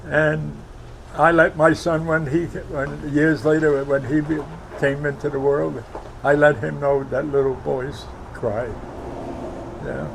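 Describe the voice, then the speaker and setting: A man in his nineties from Brooklyn, recounting his war memories in an interview, halting with many fillers and heartfelt. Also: on the high side, steady tone, vocal fry, background noise. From Brooklyn, New York. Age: 90s. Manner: heartfelt, emotional recollection. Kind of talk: oral history interview.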